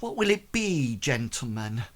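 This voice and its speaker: A man's voice: medium pitch, big pitch swings, unhurried. A man voicing a flirtatious barmaid who runs a tavern, greeting guests with a gushing, sugary welcome.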